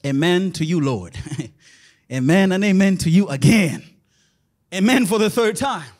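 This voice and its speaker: A man preaching a sermon in church as pastor, moving between loud shouted lines and quiet, low passages. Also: lively intonation, unhurried.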